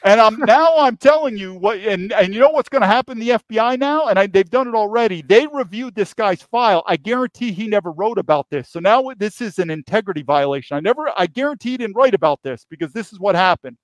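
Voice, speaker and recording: A man's voice: sits high, animated, fast talker, hardly any pauses, no room sound. A man from New York, a podcast guest, telling a story emphatically and repeating key phrases. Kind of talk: storytelling interview.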